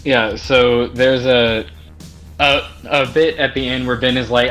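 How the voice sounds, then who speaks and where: A man in his twenties co-hosting a casual podcast. He laughs a lot and gets animated when he retells a story. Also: medium pitch, measured pace, soft background music, rough recording. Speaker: podcast co-host.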